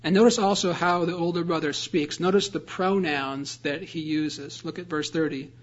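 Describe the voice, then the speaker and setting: A man's voice: on the high side, fairly even intonation, moderate pace, dull audio. A man preaching a sermon, explaining a scripture passage earnestly and reading verses aloud. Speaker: pastor.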